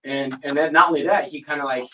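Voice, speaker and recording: A podcast host with a slightly high voice rattles through a long, casual story, swearing freely and acting out everyone he quotes with animated energy. He sits a bit off-mic, and the low-quality recording carries a little hiss or hum.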